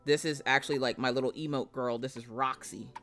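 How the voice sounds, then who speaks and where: A woman streamer in casual live chat with her viewers, a brash, profane, jokey storyteller who breaks into loud mock rants. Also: a bass voice, steady tone, brisk, faint music behind. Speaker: streamer chatting with viewers while painting.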